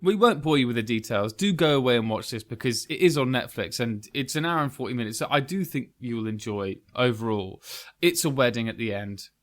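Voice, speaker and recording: Brief: British podcast host, excited film recaps, easy mid pitch. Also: male voice. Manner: enthusiastic, laughs often. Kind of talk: casual film chat.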